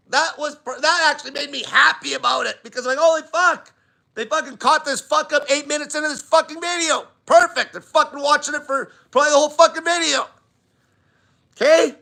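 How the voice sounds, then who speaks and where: A man's voice: extremely high pitch, creaky, bright, forceful tone. A man hosting a live diet Q&A, talking bluntly and swearing constantly in an emphatic rant. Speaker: diet channel host.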